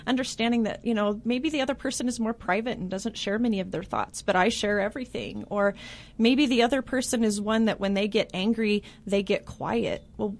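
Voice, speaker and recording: A woman's voice: medium pitch, fairly quick. A woman guest on a talk show who explains her parenting advice in an earnest, affirming way.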